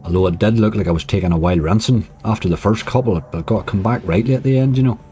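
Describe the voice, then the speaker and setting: A man's voice: lowish voice, fast, warm tone, faint music behind. A man casually commenting on his slot play, chatty and cheering when bonuses land. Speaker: slots streamer.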